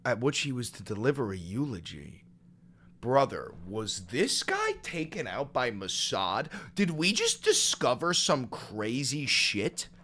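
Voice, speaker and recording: A man hosting a comedic reaction video, reading aloud and reacting with loud, sarcastic, swearing outbursts. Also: mid-range voice, sing-song, a little slow. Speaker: commentary video host.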